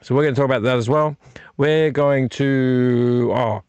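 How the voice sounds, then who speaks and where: A man's voice: medium pitch, fairly even intonation, moderate pace, darkish tone, clean tone, dry recording, highs cut off. A man hosting his own vlog from a room at home, chatting casually and playfully, with silly wordplay and repeated phrases, into a desk microphone. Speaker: vlog host. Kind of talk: casual rambling chat to camera. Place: home room with fire on a TV and a heater.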